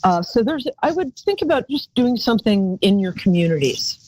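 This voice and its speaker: Husky, lively psychic host woman. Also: mid-range voice, normal speed, poor audio. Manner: chatty, rambling, calls callers darling. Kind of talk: live call-in psychic reading.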